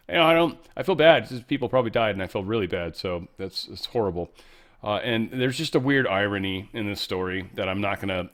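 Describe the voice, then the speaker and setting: A man's voice: on the low side, fairly bright tone. A man hosting a podcast, talking through the news in a rambling, offhand way and correcting himself as he goes. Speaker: podcast host. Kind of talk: casual political commentary monologue.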